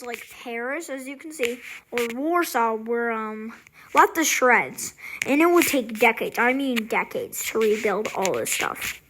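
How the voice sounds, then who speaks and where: High-voiced woman rambling through a narration. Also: fairly bright tone, a little hiss or hum, rough recording. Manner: rambling and unsure, with many trailing, restarted phrases. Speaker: video creator. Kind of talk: casual alternate-history map narration.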